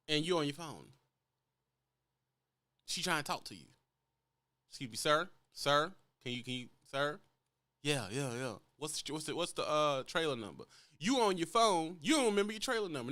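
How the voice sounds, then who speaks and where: Blunt Louisiana trucker, lively high voice. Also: male voice, dry recording. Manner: blunt, profane, lecturing. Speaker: truck driver vlogger. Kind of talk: ranting vlog monologue.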